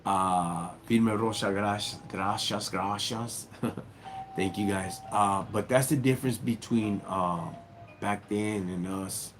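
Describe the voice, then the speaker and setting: Streetwise Chicano man with a low voice. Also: takes it slowly, over music. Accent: Southern California Chicano English. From Southern California. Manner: slangy streetwise talk, calling listeners dog and homie. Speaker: livestream host. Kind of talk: casual livestream chat answering viewers.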